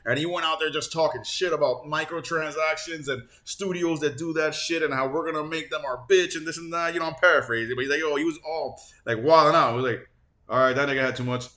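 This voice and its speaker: A man's voice: fairly high pitch, quick pace, few pauses. A man hosting a gaming channel, ranting casually and sarcastically with lots of swearing, a bit stuffed up. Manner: profane, animated, sarcastic. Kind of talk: casual on-camera rant.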